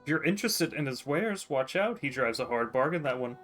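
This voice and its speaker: A man's voice: mid-range voice, animated, brisk, a bit bright, faint music behind, pitched above the performer's own voice, natural voice. A man reading out the lines of a chatty old male bug villager from a game, in a lightly raised voice. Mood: gossipy. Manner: reading on-screen game dialogue aloud.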